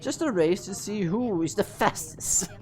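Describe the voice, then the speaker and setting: A woman's voice: mid-range voice, expressive, measured pace, darkish tone, pitched above the performer's own voice, close to an everyday voice. A woman voicing a prim male paper gatekeeper in a formal, pompous put-on British accent. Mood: haughty.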